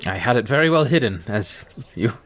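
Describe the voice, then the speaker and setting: A man playing a halting, grateful father. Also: medium pitch, lively intonation, a bit bright, close to an everyday voice. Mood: earnest. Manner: halting, apologetic. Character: grateful middle-aged father, soft-spoken and earnest.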